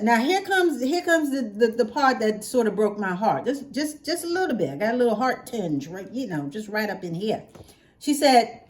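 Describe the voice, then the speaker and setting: Woman vlogger, lively and a little high-pitched, chatty storyteller who acts out her phone calls. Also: moderate pace. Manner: chatty, acts out phone calls with quoted voices and sound effects; calls viewers honey. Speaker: hair care vlogger. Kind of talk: casual storytelling to viewers.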